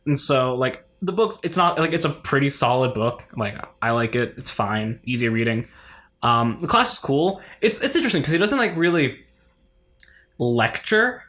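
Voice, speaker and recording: A young adult man co-hosts a casual chat podcast, telling rambling, filler-heavy stories and laughing often. His medium-pitched, fairly bright voice moves at normal speed with big pitch swings.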